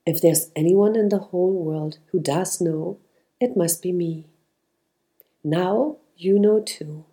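A woman's voice: lowish voice, slow pace. A woman voicing a kind, secretive old man. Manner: gentle, secretive, chuckling. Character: kind very old male flower seller.

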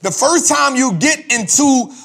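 A man hosting a show, giving a repetitive, preachy motivational talk on investing, speaking with a husky voice. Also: very high voice, measured pace. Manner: animated, preachy, repetitive, addresses co-host by name. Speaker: podcast host.

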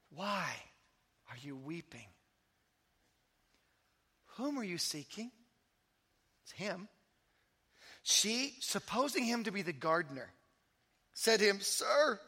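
A man preaching a sermon as pastor, telling stories with energy and then dropping to soft, intimate emphasis. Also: high voice. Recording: long hall reverb.

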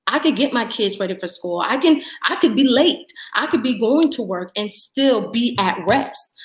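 A woman guest on a faith podcast telling her testimony and acting out her own dialogue with lively energy. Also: on the high side, normal speed, reverberant. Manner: animated storyteller, acts out her own dialogue.

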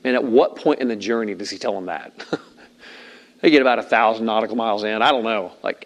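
A man preaching a sermon as a pastor, animated and conversational, slipping into voices and asides to act out scenes. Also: lowish voice, fast. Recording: long hall reverb.

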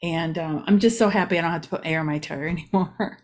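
A woman's voice: deep voice, fast, darkish tone. Chatty rambling woman vlogger. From Ohio, USA. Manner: chatty and rambling, with many asides and laughs. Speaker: local community vlogger. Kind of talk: casual chat about local news.

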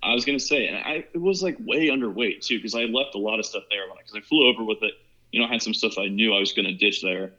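On this muffled lo-fi recording, a young Ohio man speaks fast in a bright, forceful, lowish voice. He's a podcast guest spinning a loose, casual story packed with "like" and "you know."

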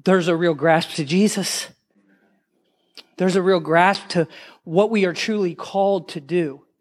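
A man preaching a sermon to a congregation, telling a story with passion and rising at times to shouts. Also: sits high, fairly even intonation, measured pace. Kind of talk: sermon testimony.

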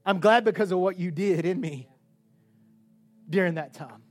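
Male preacher, high-pitched, passionate sermon delivery, faint music bed. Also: normal speed. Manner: impassioned, swinging from shouts to hushed tones.

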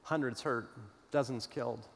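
Guy preaching, tells a story, goes loud then real quiet, echoey church hall. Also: medium pitch, creaky. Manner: storytelling, dramatic pauses, shifts between loud and hushed. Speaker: pastor. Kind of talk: sermon. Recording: long hall reverb.

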